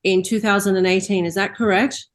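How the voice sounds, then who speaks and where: A woman hosting an interview, asking follow-up questions in a relaxed conversational way. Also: medium pitch, fairly quick. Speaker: interview host. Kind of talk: casual interview.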